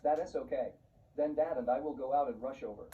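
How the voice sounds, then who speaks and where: A man reading the lines of a calm, generous young son-in-law in a flat, even voice. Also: mid-range voice, brisk, close to an everyday voice. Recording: muffled, distant, faint hiss.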